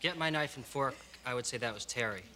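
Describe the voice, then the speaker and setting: A man in his thirties on a dating show, answering hesitantly in a low-key way. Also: quick pace, heavy background noise. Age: 30s. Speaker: contestant. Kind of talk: casual chat.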